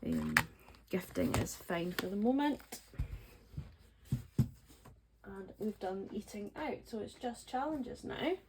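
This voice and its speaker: A woman's voice: medium pitch, sing-song, slow, pauses often, noisy background. A Scottish woman in her forties, chatting casually and counting money aloud, rambling with lots of ums. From Scottish Highlands. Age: 40s. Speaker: budgeting vlogger. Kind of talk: casual chatty voice-over while cash stuffing.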